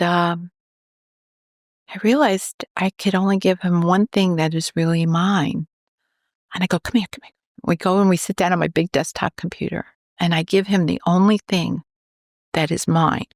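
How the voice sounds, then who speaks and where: In a dry studio recording, a woman with a lowish voice tells a story in a podcast interview. She's a cancer researcher from New York, USA, and she's animated, acting out the voices of those she quotes.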